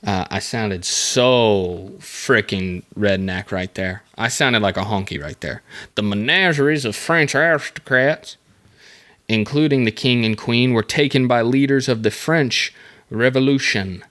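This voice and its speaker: A man hosting a casual solo podcast. He reads facts aloud, then breaks off into rambling, jokey asides with lots of halting fillers and restarts. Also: lowish voice, a bit bright. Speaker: podcast host.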